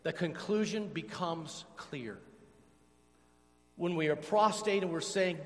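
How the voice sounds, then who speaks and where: Pastor, man, high voice, animated sermon with call-and-response, long church reverb. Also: slow pace, long pauses. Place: church sanctuary.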